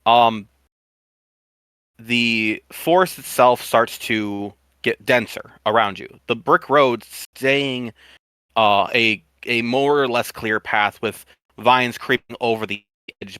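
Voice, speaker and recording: A man running a tabletop game as game master, describing the scene in a halting, unhurried way with frequent restarts. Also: medium pitch, steady tone, pushed and bright, smooth, dry recording.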